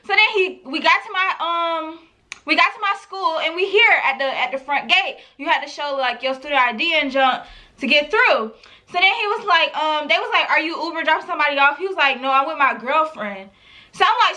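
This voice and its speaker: A woman's voice: high-pitched, animated, normal speed, pushed and bright. A young woman vlogger telling a storytime to camera in casual, slangy chat, laughing often.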